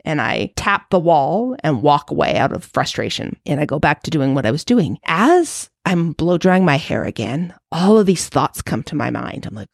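A woman with a low voice and a gravelly edge hosts her podcast, recorded dry and close with no room sound. She talks through a personal story in a candid, reflective way. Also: sing-song, moderate pace, few pauses, darkish tone, no room sound. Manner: candid, reflective, self-searching. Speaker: podcast host.

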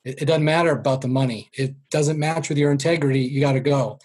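A middle-aged man with a Boston accent tells stories as an interview guest. His voice is husky and rough around the edges. He jokes at his own expense and lowers his voice when he quotes his parents. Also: steady tone, quick pace, a little mellow. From Boston area. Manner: self-deprecating, jokey, drops voice for quoted parents. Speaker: sales trainer, guest. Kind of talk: storytelling interview.

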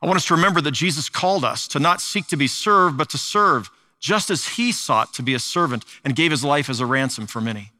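An older man preaching a sermon, earnest and slow at the weighty lines, with frequent restarts. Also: a little high, animated, sharp tone. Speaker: pastor.

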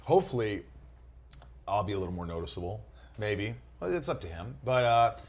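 A man, an actor and guest, in casual chat, telling animated stories. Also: on the low side, fairly quick. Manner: animated storyteller, slips into impressions.

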